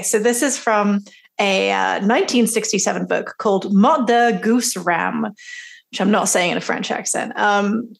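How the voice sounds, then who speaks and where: A woman co-hosting a podcast chats casually in a medium-pitched, creaky voice. She's giggly and laughs often between her lines.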